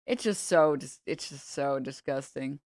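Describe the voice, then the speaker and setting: A woman's voice: unhurried, a little mellow, dry recording. Female streamer, sarcastic and profane, dry close sound. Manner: sarcastic, mocking, breaks into high laughter. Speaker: live streamer. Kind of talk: casual stream rant.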